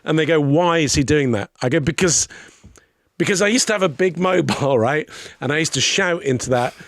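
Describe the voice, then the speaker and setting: A man's voice: on the high side, brisk, no room sound. A middle-aged man telling a comic anecdote on a podcast. He swears freely and acts out other people's voices. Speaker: podcast guest.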